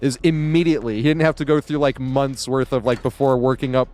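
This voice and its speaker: A man chats on a live game stream in a loose, rambling way. He swears casually and laughs easily. His voice sits at an ordinary middle pitch. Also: fairly even intonation, brisk, darkish tone, faint music behind. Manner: rambling, profane, chuckles often. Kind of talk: casual live-stream chat while gaming.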